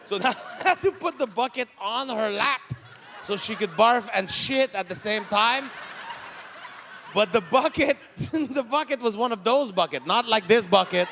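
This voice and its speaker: A man doing live stand-up storytelling, animated and profane, laughing through his lines. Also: sits high, moderate pace. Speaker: stand-up comedian. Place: live comedy stage. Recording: reverberant venue, faint crowd noise.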